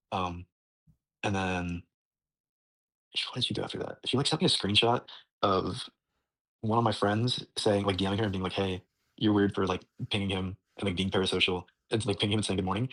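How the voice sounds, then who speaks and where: Young man, low-ish voice, casual retelling, rambling, filler words. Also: steady tone, quick pace, fairly bright tone. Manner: rambling with many likes, nervous laughs. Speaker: voice recording clip.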